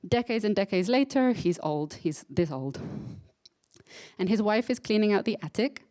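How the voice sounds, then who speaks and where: A woman's voice: mid-range voice, animated, moderate pace, mellow. A woman psychotherapist giving a live conference talk, conversational and emotional, often checking in with the audience. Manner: conversational, engages audience with frequent "right?"; emotional, self-described crier.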